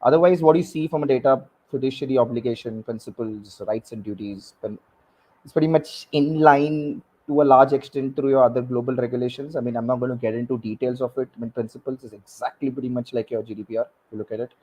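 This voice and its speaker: A man, speaking as a guest expert on a panel, halting and repeating words with many fillers. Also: mid-range voice, fairly even intonation, dark tone, low-quality recording. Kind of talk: panel discussion.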